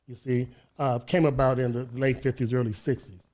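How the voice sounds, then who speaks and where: A man in his sixties from Chicago with a Chicago accent, telling his life story as an interview guest in a measured way, often restarting his words. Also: mid-range voice, level tone, darkish tone. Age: 60s. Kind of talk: casual interview. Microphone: studio microphone.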